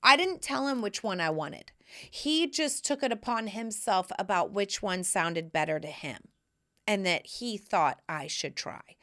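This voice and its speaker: Bright, animated woman podcast host. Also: a little slow. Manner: animated, acts out quotes with big pitch jumps. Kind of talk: casual storytelling.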